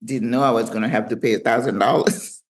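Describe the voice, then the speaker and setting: A woman's voice: a bass voice, fairly quick. Chatty French-accented woman in her sixties. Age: 60s. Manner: chatty, self-teasing, laughs often. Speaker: retirement travel vlogger. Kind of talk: casual storytelling to camera. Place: living room at home.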